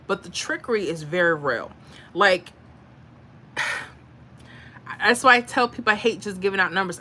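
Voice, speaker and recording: Bright-voiced chatty woman livestreamer. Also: mid-range voice, a little hiss or hum. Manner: chatty, reads viewer comments aloud, emotional asides. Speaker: livestream host giving lottery picks. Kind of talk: casual livestream chat.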